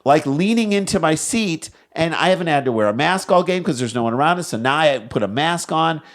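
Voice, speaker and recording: A man's voice: on the high side, fairly quick. A middle-aged man co-hosting a comedy podcast, telling anecdotes and acting out the people in them. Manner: animated, acts out voices in anecdotes. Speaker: podcast co-host. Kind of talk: comedic storytelling chat.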